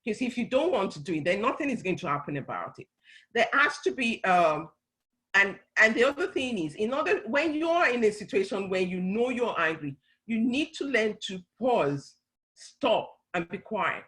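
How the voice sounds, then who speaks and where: Bright-voiced woman giving practical advice. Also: medium pitch, big pitch swings, normal speed, low-quality recording. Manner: earnest, repeats and restarts phrases while explaining. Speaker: speaker on a church talk panel. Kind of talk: conversational teaching talk.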